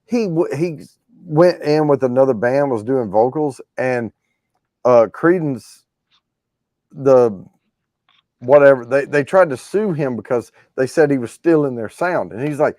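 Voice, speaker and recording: A man's voice: mid-range voice, measured pace, darkish tone, no room sound, clean studio sound. A man hosting a giveaway show, chatting casually about classic rock, rambling with frequent restarts. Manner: rambling, restarts often, storytelling.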